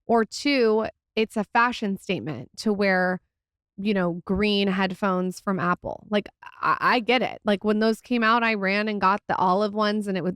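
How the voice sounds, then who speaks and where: A woman's voice: medium pitch, smooth, no echo, clean studio sound. A woman in her thirties co-hosting a podcast, chatting casually and a bit hesitantly. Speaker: podcast co-host.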